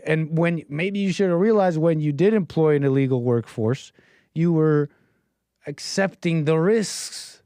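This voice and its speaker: A man's voice: fairly high pitch, a little mellow, no echo. Opinionated man giving dry commentary. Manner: opinionated, mocking. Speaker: livestream host. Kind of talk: political commentary.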